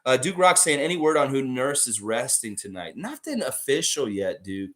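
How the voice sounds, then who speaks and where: Hosting a casual sports fan livestream, a man reads out viewer comments and rambles through a story full of filler words. His mid-range, fairly bright voice swings widely in pitch at a normal speed.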